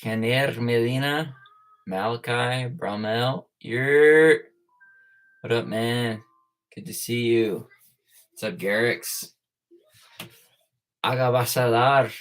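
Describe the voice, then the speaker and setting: A man's voice: medium pitch, slow pace, long pauses, fairly bright tone. A man hosting a casual live stream, greeting viewers one by one and talking in a loose, easygoing way with plenty of "like" and "uh". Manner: laid-back, greets viewers by name, lots of "like" and "uh". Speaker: livestream host. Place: at school.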